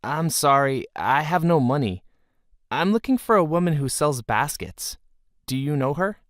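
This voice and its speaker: A man voicing an anxious, polite young boy who pleads earnestly in a higher voice. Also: animated, moderate pace, no echo, studio quality, lightly acted. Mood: anxious pleading.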